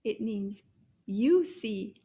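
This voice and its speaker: A woman teaching a French lesson for children, speaking slowly and encouragingly, repeating words for the listener to echo and sometimes dropping to a soft whisper. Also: mid-range voice, animated, vocal fry, breathy edge. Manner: drops to soft whispers at times. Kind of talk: kids' language lesson.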